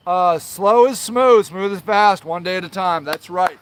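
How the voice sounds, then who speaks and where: High-voiced man on a profane rant. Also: measured pace, few pauses, clean tone. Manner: angry, profane, swears constantly; apologizes then rants on, trailing filler sounds. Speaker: show host. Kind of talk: livestream rant to viewers.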